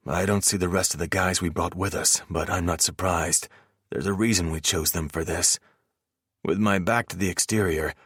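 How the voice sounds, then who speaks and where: A man narrating a first-person romance audiobook in a steady, measured reading voice on a close mic. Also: low voice, no echo.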